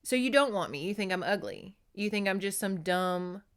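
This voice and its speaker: Woman doing a proud young warrior woman, huffy, wounded questions, middle pitch, romance-novel reading. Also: lively intonation, normal speed, clear, resonant tone, close to an everyday voice. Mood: indignant.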